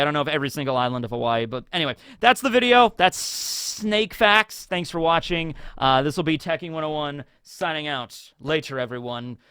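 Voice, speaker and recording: A man's voice: a little high, animated, moderate pace, few pauses, sharp tone, smooth, dry recording, studio quality. A young man hosting a casual commentary video, rambling and joking with lots of fillers. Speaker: YouTube channel host.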